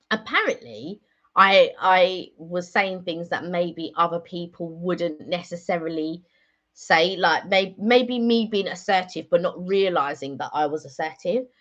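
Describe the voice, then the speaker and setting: A woman's voice: on the low side, a bit bright. A woman hosting a casual live stream chat, rambling and chatty with many fillers. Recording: dull lo-fi sound.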